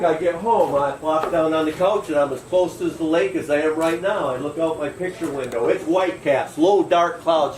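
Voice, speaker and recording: A man's voice: a little high, reverberant, far from the mic, a little hiss or hum, poor audio. A man who works as a boat captain, telling a long story in a folksy, conversational way and acting out the quotes. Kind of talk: live storytelling.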